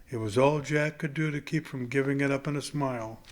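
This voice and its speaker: A man reading a novel chapter aloud in a plain, unhurried way. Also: mid-range voice, steady tone. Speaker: audiobook reader.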